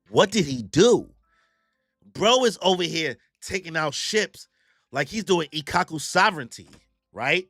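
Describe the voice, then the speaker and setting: Animated male reaction host, bright slangy delivery, dry close sound. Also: a little high, no echo. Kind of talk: casual live reaction commentary.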